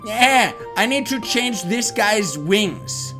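A young man hosts a game playthrough, joking around in a lively voice that swings up and down. His tone is bright and forceful. Faint game music plays behind him. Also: high voice, slow. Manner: playful, goofy, shifts into silly character voices and shouts. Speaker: let's play host. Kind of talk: energetic game commentary.

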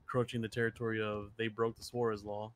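A man's voice: lowish voice, flat delivery, fast. A man role-playing a defense lawyer, speaking in a matter-of-fact way. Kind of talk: casual role-play.

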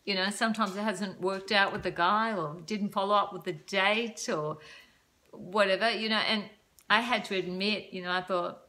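A woman's voice: medium pitch, fairly even intonation, moderate pace, pushed and bright. An older woman in casual chat to camera, giving dating advice, chatty and self-deprecating, laughing often.

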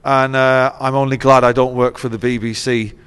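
A man's voice: mid-range voice, little pitch movement, normal speed, fairly bright tone, clear, resonant tone. A middle-aged man and musician, chatting as an interview guest, telling wry, laughing stories laced with swearing. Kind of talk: casual chat. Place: venue dressing room. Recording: long hall reverb.

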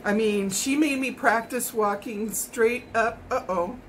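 A woman's voice: fairly high pitch, measured pace, a little hiss or hum, low-quality recording. A middle-aged woman from Hawaii cooking in her home kitchen, chatting in a rambling way as she tastes and snacks. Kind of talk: casual cooking chat.

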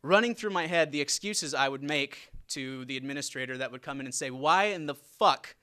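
A man telling a comedic personal story with sardonic, deadpan punchlines. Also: medium pitch, fairly quick, smooth.

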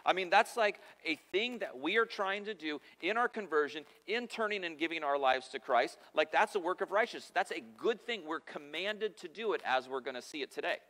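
A man's voice: fairly high pitch, animated, brisk, few pauses, sharp tone. A man preaching a sermon as pastor, emphatic and conversational with humorous asides. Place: church sanctuary. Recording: long reverb of a church hall.

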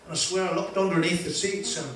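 A man's voice: high-pitched, fast talker. An older man with a broad Northern Irish accent from Ballymoney, telling humorous stories as a speaker at an event and acting out the dialogue. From Northern Ireland. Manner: broad, lively anecdotal delivery, acting out dialogue. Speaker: motivational speaker. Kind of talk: humorous storytelling speech. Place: event venue with audience. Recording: echoey hall, distant mic, faint noise.

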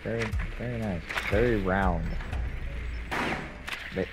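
A man playing a video game, talking over team voice chat on a headset and making excited tactical callouts with swearing. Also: on the low side, slow, heavy background noise. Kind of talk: team voice chat during play.

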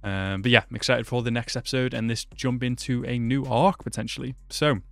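A man's voice: mid-range voice, fairly even intonation, fairly quick, gravelly, a bit bright, no echo. A man hosting an anime reaction video, talking casually and slangily, often calling the viewer "bro". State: hiccuping. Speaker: anime reaction channel host.

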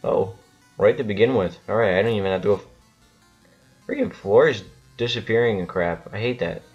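A man's voice: on the low side, a little fast, highs cut off, soft background music. A man rambling and swearing through casual gameplay commentary, with lots of restarts. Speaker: gaming channel host.

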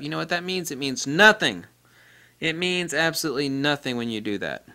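Bright-voiced man ranting bluntly. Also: expressive, a little fast, creaky. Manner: blunt, profane and ranting, mocking voices in high-pitched quotes. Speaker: DIY repair presenter. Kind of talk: off-the-cuff tech tutorial.

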